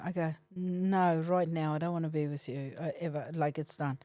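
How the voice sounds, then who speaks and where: A middle-aged woman from South Africa, a comedian guest telling blunt, deadpan stories on a podcast. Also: low voice, a little fast, few pauses, dry recording. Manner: blunt, deadpan comic storytelling with quoted voices. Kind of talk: casual storytelling chat.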